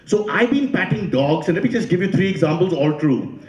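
A man's voice: high voice, lively intonation, fairly quick, reverberant. Teasing man doing stand-up. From India. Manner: teasing, quizzing the audience. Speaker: comedian. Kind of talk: stand-up comedy.

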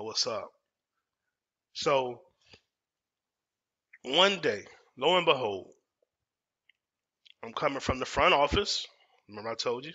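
Over lo-fi audio, this storyteller host from Dallas, Texas, speaks at medium pitch with a pushed, bright quality. Recounting something personal, he talks casually and emphatically, leaning on repeated phrases and street slang.

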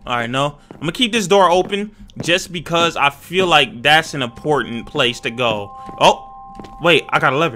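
His voice a little high, a young gaming YouTuber chats to his viewers while playing a horror game, his commentary jumpy, excitable and slang-filled.

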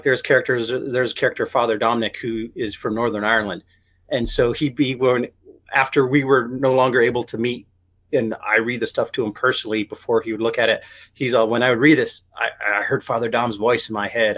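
Here a male novelist, guest on a relaxed podcast interview, spins a story that wanders, restarts often, and repeats words. He speaks at a medium pitch with a somewhat bright quality.

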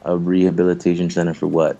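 A man's voice: deep voice, level tone, quick pace, vocal fry, warm tone, highs cut off. A young man being interviewed, telling long rambling stories in a casual, profane, laughing way. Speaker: interviewed clan member. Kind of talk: casual storytelling chat.

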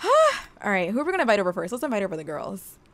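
A young woman giving casual, slangy gameplay commentary, talking straight to her game character and breaking into excited exclamations. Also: mid-range voice, fast. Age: young adult. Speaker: gaming video host.

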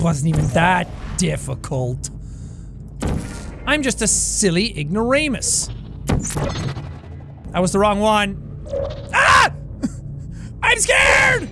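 A man doing loud, goofy commentary while playing a game, excitable and prone to shouting. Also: high-pitched, creaky. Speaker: gaming commentator. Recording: game audio and music behind.

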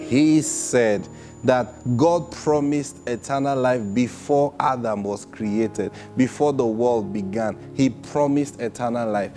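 A man preaching a sermon with lively energy. He laughs often, repeats "Praise God" and acts out voices in his stories. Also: medium pitch.

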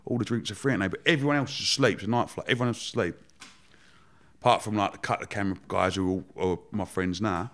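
A man telling stories as a podcast guest, animated, laughing often and swearing freely. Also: fairly low pitch, very fast. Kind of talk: casual storytelling chat.

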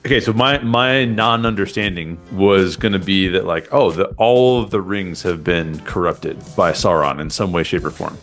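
A man with a fairly low voice talks in an easygoing, rambling way as a co-host, piling on fillers and restarts. He speaks into a desk microphone, with soft music underneath. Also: moderate pace, hardly any pauses. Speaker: podcast co-host. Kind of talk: casual chat. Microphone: desk microphone after switching from a headset mic.

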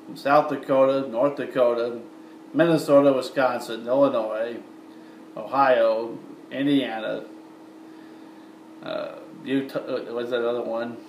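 A Midwestern-accented man from the American Midwest rambles chattily to viewers in a casual vlog monologue, speaking at a measured pace with long pauses. His mid-pitched voice is fairly even in intonation. He's in a lit indoor room, recorded from far off with a roomy echo, faint ambience, and slight background noise.

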